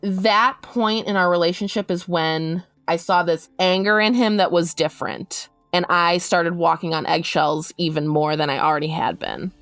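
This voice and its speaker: A woman with a fairly low voice tells a hard personal story in quick, emotional bursts and slips into the voices of the people she quotes. The recording is dry and close, with faint music underneath. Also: fairly even intonation, a bit bright, no echo. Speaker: interviewee recounting her story. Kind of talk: personal testimony, podcast.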